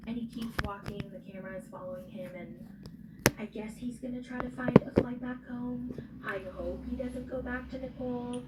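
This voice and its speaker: A woman's voice: a little high, expressive, brisk. A woman casually recapping a reality show, chatty and opinionated, acting out the cast's lines in put-on voices. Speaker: recap vlogger. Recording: echoey room, distant mic, audible noise.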